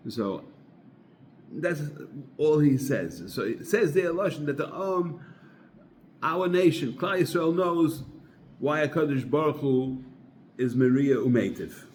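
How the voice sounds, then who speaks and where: A man giving an informal Torah talk, telling a parable as a conversational storyteller who clears his throat now and then. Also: a little high, lively intonation, slow pace, long pauses, a little mellow, slight background noise. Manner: conversational storyteller, sprinkles religious terms. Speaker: Torah teacher.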